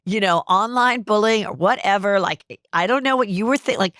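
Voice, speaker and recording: This podcast host speaks at medium pitch and a moderate pace, captured in clean studio sound without echo. In a casual gossip conversation, she spins lively stories and voices the people involved.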